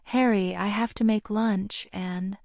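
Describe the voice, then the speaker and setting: A woman voicing a kind, practical mother in an audiobook, with a brisk, caring manner. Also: medium pitch, steady tone, vocal fry, darkish tone, no room sound, clean studio sound. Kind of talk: audiobook character reading.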